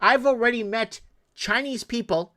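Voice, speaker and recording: A man with a high voice hosts a loose, casual chat. He is from Canada and tells stories bluntly, swears freely and stumbles over repeated words. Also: moderate pace, pushed and bright. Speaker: host.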